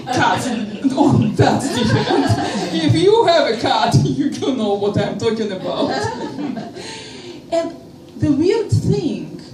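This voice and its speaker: A woman with a Russian accent performing a stand-up comedy set, with a slow, deliberate delivery and playful pauses. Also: high-pitched, background noise. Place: comedy stage before a live audience. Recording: roomy live venue, from a distance.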